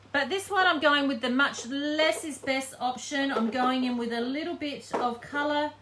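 A woman with a slightly high voice talks her viewers through a live painting tutorial, relaxed and chatty, with plenty of ums as she thinks aloud. A faint hum sits behind her. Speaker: craft demonstrator.

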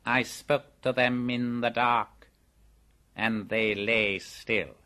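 A man voicing an ancient, evil male white cobra in an audiobook, slow and lisping with a menacing, gloating manner. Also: mid-range voice, steady tone, sharp tone. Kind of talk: audiobook character voice.

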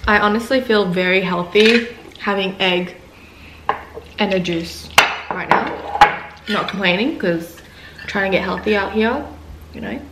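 A woman's voice: medium pitch, a little slow, pauses often, background noise. A young woman vlogging at home in her kitchen, talking candidly and giggling between thoughts. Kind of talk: casual vlog chat. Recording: echoey room.

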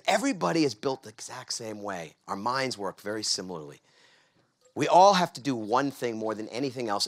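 Animated middle-aged man giving a motivational talk. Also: medium pitch. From New York. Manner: animated, coaxes the audience to answer back. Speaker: speaker. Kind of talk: motivational talk to a live audience.

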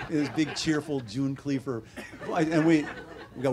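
A man in his seventies with an American accent, an author telling wry, deadpan stories at a bookstore talk. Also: medium pitch, moderate pace, a crowd in the background. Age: 70s. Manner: wry, deadpan humor with animated quoted voices. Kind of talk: casual storytelling Q&A. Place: bookstore event room.

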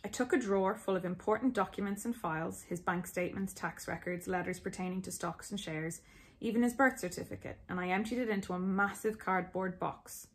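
A woman's voice: mid-range voice, a little fast. Woman reading her memoir aloud. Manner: intimate, expressive storytelling. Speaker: author reading her own book.

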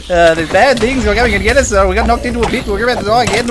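A man's voice: sits high, lively intonation, racing, few pauses, noisy background. A man giving casual, playful commentary over his own gameplay, chatting to the creatures on screen. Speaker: gaming video host.

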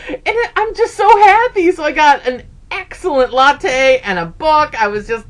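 A woman in her fifties chats away in a bubbly, animated storytelling manner, with a voice pitched somewhat high. She keeps saying "okay" and jumps her voice up whenever she quotes someone. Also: normal speed. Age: 50s. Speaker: sewing vlogger. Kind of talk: casual chat.

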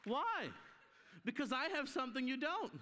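A man's voice: very high-pitched, normal speed, background noise. A man preaching a sermon at a conference, telling stories and acting out the voices in them. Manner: animated, acts out voices in his stories. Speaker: guest preacher. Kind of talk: sermon with storytelling. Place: church hall. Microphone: live stream sound. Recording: long hall reverb.

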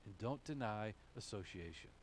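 A New England pastor with a thick Boston accent delivers a sermon in a casual, conversational manner, tossing in "okay?" asides. His pitch moves lively up and down at a normal speed, with slight background noise.

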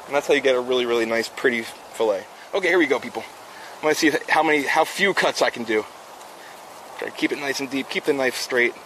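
Outdoors on a fishing livestream, this man from South Florida keeps up casual, upbeat chatter with his viewers while he works. His voice sits at medium pitch with a slightly bright edge, and there's slight background noise. It's relaxed, instructional stream talk.

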